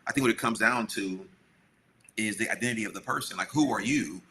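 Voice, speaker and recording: Middle-aged guy on a podcast, lowish voice, super bright and forceful, acts out quotes, faint hiss behind. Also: brisk. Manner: animated storyteller acting out quotes. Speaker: podcast co-host. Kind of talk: storytelling casual chat.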